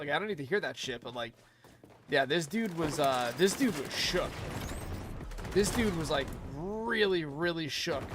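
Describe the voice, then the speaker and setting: A man's voice: a little high, background noise. A man streaming a game, telling a long story in rambling, profane casual commentary. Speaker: gaming streamer. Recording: gameplay with clear gunfire behind. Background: game gunfire.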